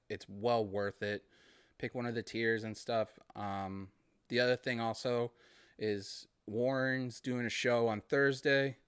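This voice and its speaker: A man's voice: medium pitch, clear, resonant tone, dry recording, clean studio sound. A man from Massachusetts with a Boston accent, hosting a casual solo podcast and rambling in a friendly way. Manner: rambling, friendly, laughs between thoughts. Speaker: podcast host.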